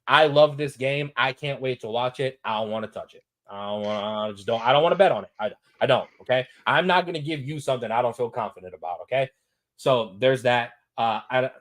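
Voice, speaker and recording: A man hosting a sports talk show, giving his betting picks in a lively, repetitive, hyped-up way. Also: fairly low pitch. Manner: animated, repetitive, hypes picks.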